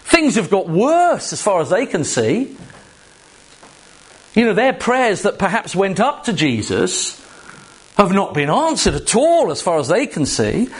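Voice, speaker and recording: Slow, lively-pitched male preacher. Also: slightly rough. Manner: animated, emphatic preaching with rhetorical questions; jokes directly with the congregation. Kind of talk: sermon.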